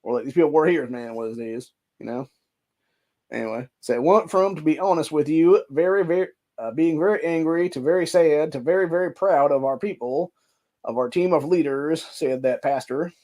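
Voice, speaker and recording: Man, Ohio accent, podcast host, news reading, heated profane commentary, slightly high voice. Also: moderate pace, darkish tone. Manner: heated, profane ranting between stretches of reading.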